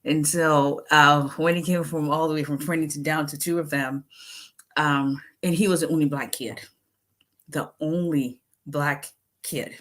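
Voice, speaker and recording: A woman's voice: low voice, steady tone, unhurried, a bit bright. A woman with a Nigerian accent, an immigration attorney chatting casually with viewers on a livestream, sounding tired after a long day. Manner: chatty, laughing, greets viewers by name.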